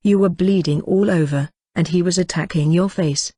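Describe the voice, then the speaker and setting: A cocky teenage boy next door who talks with a grin and a light, teasing ease, as a woman reads him out. The voice sits fairly low for a woman and sounds close and dry, with no room around it. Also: moderate pace, dark tone, husky, dry recording. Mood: matter-of-fact. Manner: amused, grinning, lightly teasing.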